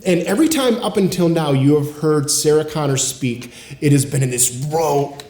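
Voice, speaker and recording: A man's voice: a little high, animated, a little fast, a little mellow, echoey room. A man in his forties, co-hosting a casual podcast, talking earnestly and reflectively with casual swearing. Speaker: podcast co-host. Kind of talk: casual chat.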